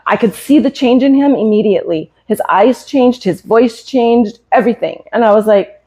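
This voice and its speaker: A woman in her fifties from the United States, a cat breeder on a live stream, telling a hard personal story in a halting, earnest, emotional way. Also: a little high, mellow, breathy edge. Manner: halting and earnest, with many hesitations. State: emotional, close to tears.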